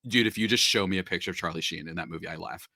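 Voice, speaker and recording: A man's voice: low-pitched, very fast, sharp tone, no echo, clean studio sound. A man hosting a podcast, chatting casually and joking, with lots of fillers. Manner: laid-back, joking, filler-heavy. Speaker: podcast host.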